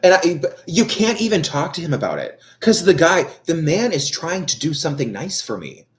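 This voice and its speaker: A man's voice: on the high side, big pitch swings, normal speed. A young man chatting casually on a livestream, ranting in an exasperated way and swearing often. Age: young adult. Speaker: livestream tarot reader. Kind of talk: casual rambling chat.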